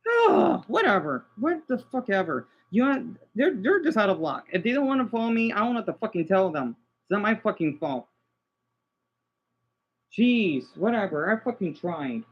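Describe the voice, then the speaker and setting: A man's voice: high voice, big pitch swings, moderate pace, husky. A man talks to his livestream chat in a loose, casual way, agitated and swearing often. The audio is dull and lo-fi.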